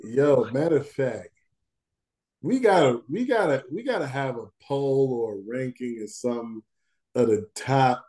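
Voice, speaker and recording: A man co-hosting a podcast in casual chat, animated and slangy, laughing often. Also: mid-range voice, a little slow. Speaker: podcast co-host.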